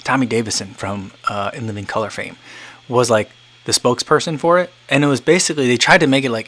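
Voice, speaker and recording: A man's voice: medium pitch, quick pace, fairly bright tone. A man in his thirties hosting a casual livestream, chatting loosely and reading viewer comments, rambling with many fillers and restarts. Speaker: livestream host.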